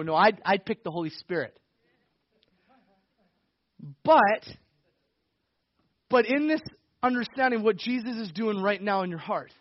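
High-voiced man preaching with sudden shouts. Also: dry recording, dull audio. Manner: energetic preaching with bursts of shouting; conversational, with laughs and self-corrections. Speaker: pastor. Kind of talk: sermon.

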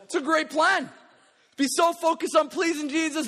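A high-pitched man delivers a lively sermon as a pastor, breaking into playful asides and acting out little quotes. His voice rings through a large hall with a long, lingering echo. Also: normal speed.

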